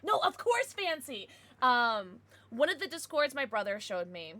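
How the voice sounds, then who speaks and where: A young adult woman streamer chatting casually with her viewers, with excited outbursts. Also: high-pitched, unhurried. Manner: chatty, answers viewers, bursts of excited squeals. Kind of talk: casual live-stream chat.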